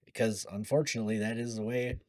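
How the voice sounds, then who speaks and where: A man's voice: on the low side, steady tone, fast, darkish tone, no echo. A man on a podcast, chiming in with brief wry remarks during casual banter. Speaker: podcast co-host.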